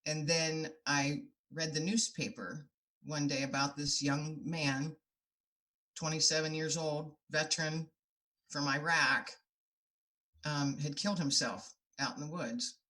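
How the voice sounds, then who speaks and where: A middle-aged woman guest on a podcast interview, her voice pitched low with a bright, forceful edge. She talks in an earnest, heartfelt way, recounting things at length. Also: steady tone, slow pace.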